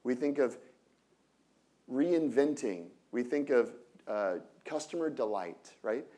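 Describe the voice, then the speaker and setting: A man giving an energetic lecture on innovation to an audience, often asking rhetorical questions and breaking off into quick asides. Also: medium pitch. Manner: energetic, peppered with rhetorical "right?"; asides and self-corrections.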